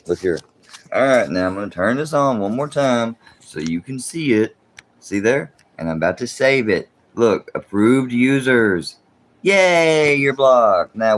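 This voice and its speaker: A man hosting a livestream, ranting in a casual, profane, exasperated way and rambling as he talks to his chat. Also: lowish voice. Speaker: livestream host.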